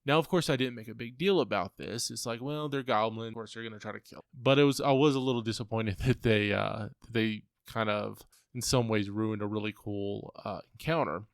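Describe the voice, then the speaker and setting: A man's voice: lowish voice, brisk, gravelly, few pauses, clear, resonant tone, dry recording, studio quality. A man hosting a podcast, telling a long dungeon master story in a rambling way, repeating himself to stress his points. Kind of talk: casual storytelling monologue.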